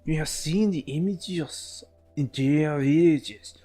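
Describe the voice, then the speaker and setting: A man's voice: a little high, slow, mellow, faint music behind. Pompous French doctor in a broad mock-French accent, hammy and drawn out, put on by a man. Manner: hammy, breaking into laughter.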